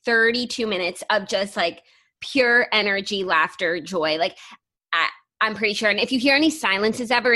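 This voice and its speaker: A woman's voice: medium pitch, pushed and bright. A woman co-hosting a podcast over a video call, chatting in a playful, casual way. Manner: playful, breaks into a silly rap. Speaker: podcast co-host. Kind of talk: casual chat.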